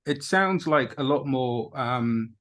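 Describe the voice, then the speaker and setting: A man's voice: mid-range voice, animated, slow pace, a bit bright. A man hosting a music podcast interview, friendly and chatty and calling his guest "mate". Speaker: podcast host. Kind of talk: casual interview chat.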